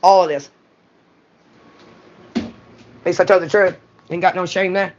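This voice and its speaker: A woman's voice: fairly low pitch, fairly even intonation, a little slow, darkish tone, slight background noise. Blunt Southern woman venting to camera. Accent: Southern US (Mississippi). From Mississippi, US. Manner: rambling, blunt, profane, bursts of raised voice. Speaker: vlogger. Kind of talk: raw confessional monologue to camera. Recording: dull lo-fi recording.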